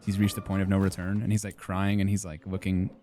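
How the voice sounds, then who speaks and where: Low mellow-voiced young streamer. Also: male voice, completely flat delivery, fast, a little hiss or hum. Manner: rambling, filler-heavy, self-deprecating. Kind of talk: casual gaming stream chat.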